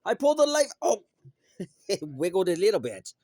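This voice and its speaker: A man's voice: high-pitched, huge pitch swings, normal speed, a little mellow. A man indoors doing playful baby talk to his dog, teasing in a sing-song way and repeating each phrase. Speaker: pet owner filming his dog. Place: inside a house.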